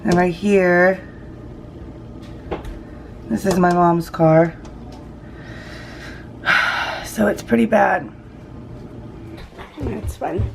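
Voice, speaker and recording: A woman's voice: on the low side, drawn-out words, creaky, pauses often, slight background noise, rough recording. A thirty-year-old woman chatting to the camera in a casual home vlog, narrating her day and coaxing her toddler along. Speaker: vlogger and mother. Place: family home indoors.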